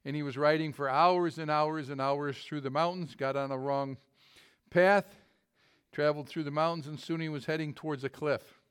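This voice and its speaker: A middle-aged pastor preaching a sermon in a folksy, self-deprecating way, with halting restarts and a joke story told to the congregation. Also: male voice, a little high, fairly even intonation, clear, resonant tone.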